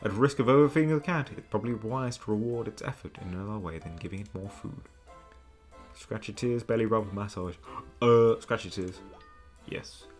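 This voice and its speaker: A man's voice: lowish voice, moderate pace, soft background music. A young man streaming a story game, reading the narration aloud with playful drama and laughing at his own slips. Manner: animated, laughs through slips.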